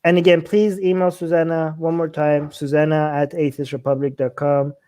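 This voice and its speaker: A man's voice: fairly high pitch, level tone, moderate pace, darkish tone, clear, resonant tone. A man hosting a livestream, talking passionately and filling his speech with "like", his voice rising as he gets indignant. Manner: passionate, heavy use of "like", voice climbing when indignant. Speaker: show host. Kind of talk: livestream chat.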